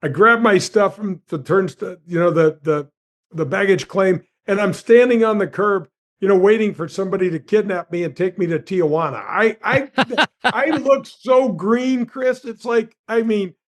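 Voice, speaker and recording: Man, 60s, ex-golf pro, higher voice, animated storyteller. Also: moderate pace. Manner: lively storyteller with big pitch swings; addresses the host by name often. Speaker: guest, former tour golf pro. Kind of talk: animated anecdote telling.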